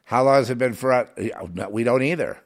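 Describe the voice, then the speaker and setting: A man's voice: mid-range voice, brisk. A man giving a ranting monologue, preachy and emphatic, rambling with many restarts and fillers.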